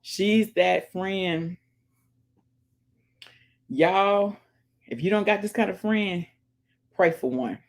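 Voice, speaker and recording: A chatty, emphatic woman hosts her vlog and gives shout-outs to friends. She keeps calling her viewers "y'all" and slips into preachy advice about praying and supporting others. Her voice sits at an ordinary middle pitch. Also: very slow, long pauses. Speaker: vlogger, channel host. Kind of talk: casual chat, giving shout-outs. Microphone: earphones in, listening to music while talking.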